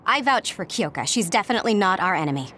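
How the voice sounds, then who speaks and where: A woman's voice: medium pitch, big pitch swings, fast talker, close to an everyday voice. A woman voicing a confident, outspoken young woman in a video game, firm and direct. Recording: game audio with music behind.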